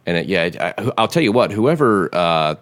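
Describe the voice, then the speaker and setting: Brief: deep male podcast host, animated, profane, dry close recording. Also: normal speed, dry recording. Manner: profane, animated storyteller who acts out quotes. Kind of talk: casual chat.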